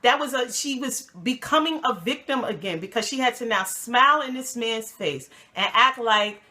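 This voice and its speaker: A woman from New York hosting a casual TV review chat, talking in an animated, slangy, emphatic way. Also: on the high side, normal speed. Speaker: host.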